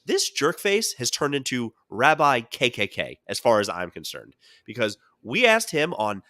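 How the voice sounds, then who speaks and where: A man co-hosting a casual podcast, telling stories in an animated way and slipping into quoted voices. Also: medium pitch, moderate pace, dry recording, clean studio sound. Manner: animated storyteller who jumps into quoted voices. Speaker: podcast co-host.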